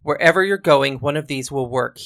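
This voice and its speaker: A woman's voice: a bass voice, fairly quick, vocal fry. A woman voicing an exasperated male ticket clerk in a storybook.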